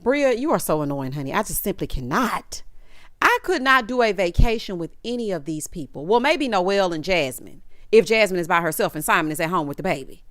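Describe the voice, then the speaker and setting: A woman's voice: lowish voice, lively intonation, brisk, dry recording, studio quality. A woman giving a sassy, casual recap of a reality TV episode, mimicking the cast in changing voices.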